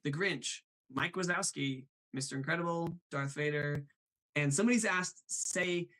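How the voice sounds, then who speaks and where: A man's voice: fairly high pitch, a bit bright. Chatty male live-show host. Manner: chatty, quick asides, reads chat aloud. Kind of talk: casual chat about voice impressions.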